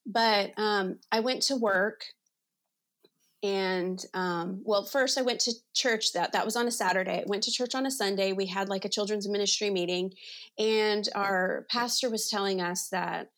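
A woman's voice: medium pitch, normal speed, a bit bright. A woman in her forties, an interview guest and ministry leader, telling a personal faith story in a chatty, earnest way with many "you know"s. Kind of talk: personal testimony in conversation.

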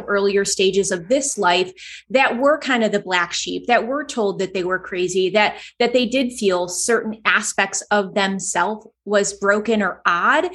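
A woman hosting a podcast interview, enthusiastic and affirming, retelling her own story in an animated way. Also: mid-range voice. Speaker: podcast host. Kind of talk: interview conversation.

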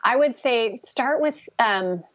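Soft-spoken woman coach talking earnestly, sound a bit dull, no room echo. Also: on the high side, lively intonation, takes it slowly. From Northern California. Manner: gentle, earnest, spiritual, with many restarts. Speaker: guest, conception coach. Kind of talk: casual interview talk.

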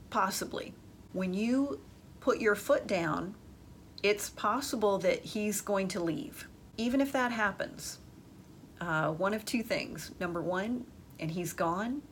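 A woman's voice: medium pitch, a bit bright, a little hiss or hum. Frank woman giving dating advice. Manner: frank, emphatic, storytelling. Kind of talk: direct advice talk to women.

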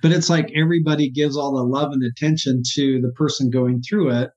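A man, a therapist, telling his personal story as an interview guest in an earnest, halting, emotional way. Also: medium pitch, steady tone, a little mellow. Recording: dull lo-fi sound.

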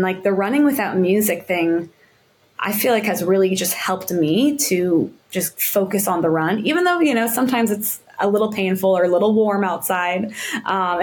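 Woman podcast guest, runner and yoga teacher; relaxed, upbeat, chatty with lots of fillers. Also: mid-range voice. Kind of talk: casual interview chat.

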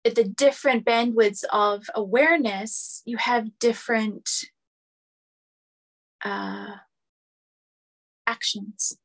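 A woman's voice: on the high side, fairly even intonation, slow pace, pauses often. A woman spiritual teacher giving a lecture, speaking earnestly and building her points through repeated phrases.

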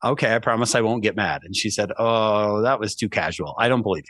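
Animated storytelling man on a podcast. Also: brisk, no echo. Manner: animated storyteller, acts out quoted voices with big pitch jumps. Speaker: podcast guest. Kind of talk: casual storytelling.

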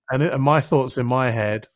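A man's voice: mid-range voice, a little slow, no echo, clean studio sound. A middle-aged man, a podcast guest, telling a personal story vividly and acting out his own inner voice, with casual swearing. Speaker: interview guest, helps people with their thinking. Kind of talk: reflective storytelling in a podcast conversation.

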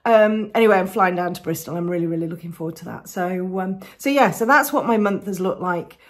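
A woman's voice: fairly low pitch, brisk. A woman with an English accent hosting a podcast, chatting in a rambling way with restarts and laughs. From England. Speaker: podcast host and coloured pencil artist. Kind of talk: casual chat.

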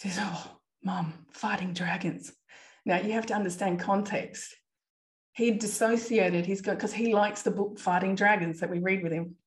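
A woman in her thirties, a podcast host and parent, earnestly retells a distressing family episode in a personal storytelling monologue, quoting dialogue. Her voice is mid-range with fairly even intonation at normal speed.

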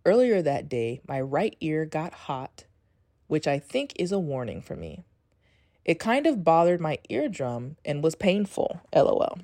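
Low-voiced casual woman podcaster. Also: mellow, no room sound, studio quality. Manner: chatty, swears casually, frequent "like". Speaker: podcast host. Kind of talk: casual personal storytelling, reading journal entries.

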